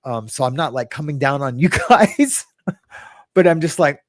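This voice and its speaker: A man's voice: on the high side, animated, moderate pace, dry recording, studio quality. A man hosting a casual livestream, rambling and correcting himself as he chats with viewers and swearing now and then. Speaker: livestream host.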